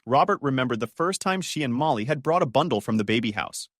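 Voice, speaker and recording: A man reading out a dramatic story, his pitch rising and falling a lot as he tells it. it is recorded close to the mic and sounds very dry, with no room around it. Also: animated, quick pace, no echo. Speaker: narrator. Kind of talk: scripted story narration.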